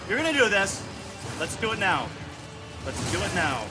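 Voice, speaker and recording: A man's voice: sits high, sing-song, normal speed, over music. A man in his fifties giving profane, exasperated gameplay commentary and scolding the game aloud. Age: 50s. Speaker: gaming channel host.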